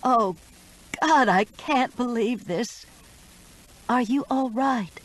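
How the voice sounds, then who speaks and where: A woman's voice: fairly high pitch, slow, pitched above the performer's own voice. A woman voicing a distraught Southern neighbor woman, breathless and tearful.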